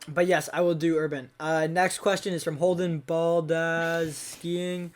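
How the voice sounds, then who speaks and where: Young male podcast host, casual and upbeat, slightly high voice. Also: flat delivery, unhurried. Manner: laid-back, upbeat, reads listener questions. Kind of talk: casual chat.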